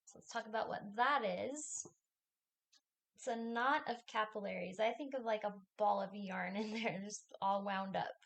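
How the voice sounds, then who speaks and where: A woman's voice: mid-range voice, gravelly. A woman instructor giving a recorded lecture, talking through a diagram step by step in a plain, explanatory way.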